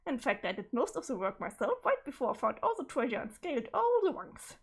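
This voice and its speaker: A boastful teenage troll girl mocks everyone and brags about doing all the work, as a woman puts her on. Her voice rides high and taunting. It sounds like a webcomic read aloud on a stream. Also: sing-song, fairly quick, slightly rough, full character voice. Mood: smug. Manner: bragging, mocking.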